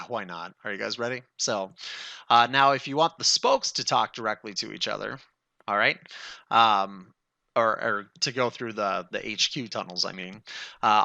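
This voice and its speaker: A man with a gravelly, crisp, forceful mid-range voice walks through a networking tutorial in a casual, chatty way. He thinks aloud and addresses viewers directly, and the recording is dry and close with no echo.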